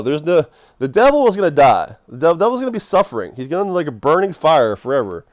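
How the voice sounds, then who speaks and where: A man giving a rambling, excitable casual sermon as a streamer, often breaking into laughter. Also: a little high, fast, dry recording. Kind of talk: casual preaching monologue.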